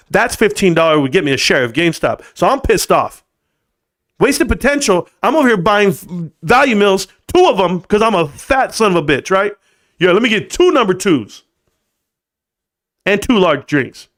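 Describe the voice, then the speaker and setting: A man in his forties hosting a live stream, ranting sarcastically and swearing freely in a casual, animated way. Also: high voice.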